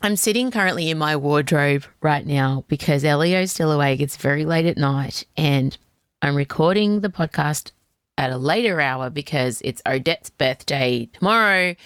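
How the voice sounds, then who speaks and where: A woman's voice: low-pitched, clean tone, dry recording, clean studio sound. A woman in her forties with an Australian accent, hosting a podcast in a chatty, scattered way, talking from a small wardrobe at home. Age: 40s. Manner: scattered, rambling, quick tangents and laughter. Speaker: podcast host. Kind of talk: casual chatty podcast intro. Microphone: home mic on a video call.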